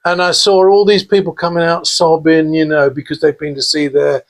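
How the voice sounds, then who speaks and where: A man's voice: a little high, flat delivery, normal speed. An older man from England, a podcast guest telling rambling anecdotes with many fillers and laughs. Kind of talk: casual storytelling.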